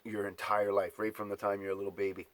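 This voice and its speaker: Man, low voice. Profane, exasperated rant straight to camera, dry close sound. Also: little pitch movement, fast talker, fairly bright tone, no echo. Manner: exasperated, swearing, mocking. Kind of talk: profane ranting monologue.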